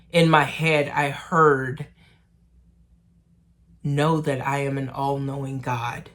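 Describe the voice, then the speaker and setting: Slow, soft-spoken woman vlogging. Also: extremely low pitch. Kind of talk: personal faith vlog, candid talk to camera.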